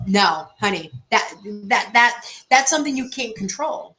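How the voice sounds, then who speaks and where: Bright-voiced blunt woman livestreamer. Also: a little high, sing-song, a little slow, rough recording. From Boston area. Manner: blunt, profane, emphatic, restarts often. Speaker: livestream host. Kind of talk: casual livestream chat reading comments.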